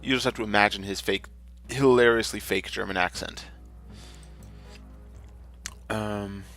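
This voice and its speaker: A man's voice: lowish voice, fairly even intonation, a little slow, vocal fry, pauses often, fairly bright tone, soft background music. A man narrating his gameplay in a casual, rambling, jokey way, often correcting himself mid-sentence. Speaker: gamer, channel host. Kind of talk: casual let's-play commentary.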